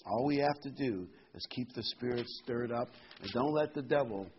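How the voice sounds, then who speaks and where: An older male preacher of middle pitch delivers a sermon, moving between plain comments and raised, emphatic scripture reading. The recording is dull and lo-fi, with a faint hiss underneath. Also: normal speed. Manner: rises in pitch and volume when reading scripture aloud. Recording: dull lo-fi sound with faint noise.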